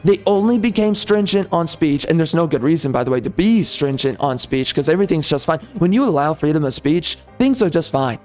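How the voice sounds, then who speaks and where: A man's voice: on the high side, expressive, fairly quick, hardly any pauses. A man on a gaming commentary channel, ranting in a slightly raised voice. He hammers the same insults over and over in an angry tirade, with faint music running underneath.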